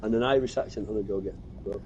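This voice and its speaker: A man's voice: on the low side, very fast, darkish tone, muffled recording, slight background noise. A man bantering crudely on a gaming stream, swearing and mumbling. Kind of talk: casual banter.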